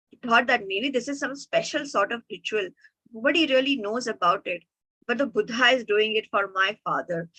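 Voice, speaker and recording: A woman doctor giving a motivational health talk and telling stories slowly, with emphasis. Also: fairly high pitch, pushed and bright, low-quality recording. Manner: slow, emphatic storytelling.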